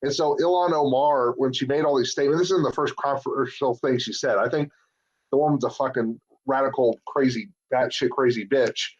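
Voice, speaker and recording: A blunt man with a middling pitch, rambling through his opinions with plenty of profanity. His voice sounds a little worn from a long day of talking. The recording is dull and lo-fi. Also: brisk, breathy edge. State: slightly hoarse from talking all day. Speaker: podcast co-host, lawyer. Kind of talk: casual opinionated chat.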